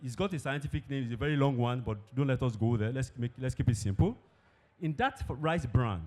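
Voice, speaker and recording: A man's voice: medium pitch, a little mellow. Man presenting feed science. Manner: explanatory, asks the audience questions. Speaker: industry presenter. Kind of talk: technical presentation to farmers. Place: conference hall with a live audience.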